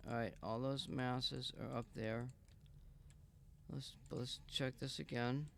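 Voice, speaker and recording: A man's voice: medium pitch, flat delivery, slow pace, vocal fry. A man streaming a game live, muttering and swearing in frustration to himself. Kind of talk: live gameplay stream talk.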